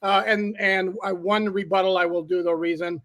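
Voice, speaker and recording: A man hosting a sports podcast as a journalist, talking in a measured, wry way with hesitant restarts. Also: sits high, steady tone, fairly bright tone.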